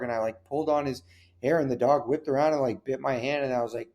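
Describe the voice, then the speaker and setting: A man's voice: mid-range voice, quick pace, dark tone. A man, a comedian and actor, guesting on a chatty podcast and telling rambling, casual anecdotes. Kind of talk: casual chat.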